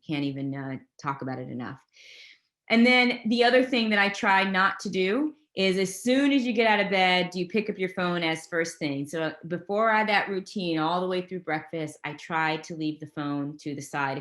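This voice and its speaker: Low-voiced motivational woman coaching online. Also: reverberant. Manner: energetic, motivational, goes off on tangents. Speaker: presenter of a career master class. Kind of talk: webinar talk.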